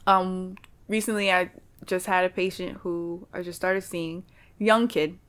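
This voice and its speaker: A woman in casual conversation, telling stories in a lively, chatty way and acting out the voices of the people she quotes. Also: fairly low pitch, unhurried. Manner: chatty, animated storytelling with quoted dialogue. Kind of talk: casual chat.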